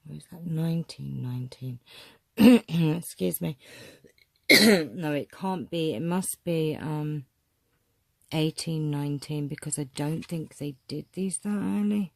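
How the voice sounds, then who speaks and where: A woman chatting casually as she shows a photo collection, musing aloud and often clearing her throat. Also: low voice, slow pace, no echo. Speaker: vlogger showing a photo collection. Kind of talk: casual show-and-tell commentary.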